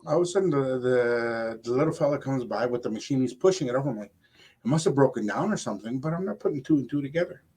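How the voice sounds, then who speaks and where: Animated older man telling a story. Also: mid-range voice, quick pace, husky. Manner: animated, rambling anecdote with quoted asides. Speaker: radio show co-host. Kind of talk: casual storytelling chat.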